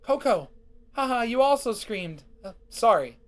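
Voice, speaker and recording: A man voicing an excitable young female pony who turns bitter and scolding. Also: very high-pitched, unhurried, voice pushed up, exaggerated voice. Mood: bubbly. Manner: bubbly, then sharply scolding.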